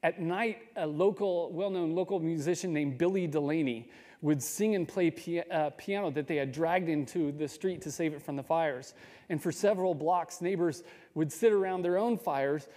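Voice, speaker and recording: A man telling a true story in a measured way, with small restarts and pauses. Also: a little high, mellow, in a large hall. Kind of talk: storytelling talk.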